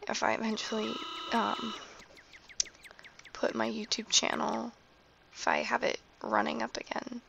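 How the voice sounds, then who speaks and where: A young woman quietly commentating a game late at night, half-whispering, with a hoarse voice and coughs. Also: on the high side, monotone, measured pace, pauses often, muffled recording, noisy background. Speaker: gameplay commentator.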